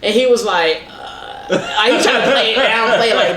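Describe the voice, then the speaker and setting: Podcast co-host, male, casual chat, animated and laughing, lively range. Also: high voice, quick pace, hardly any pauses, roomy sound, a loud crowd.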